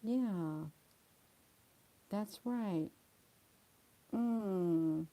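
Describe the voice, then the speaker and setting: A middle-aged woman chatting slowly and soothingly with livestream viewers, calling them honey. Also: mid-range voice, warm tone. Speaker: livestream host reading viewer comments. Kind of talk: slow casual chat to live viewers.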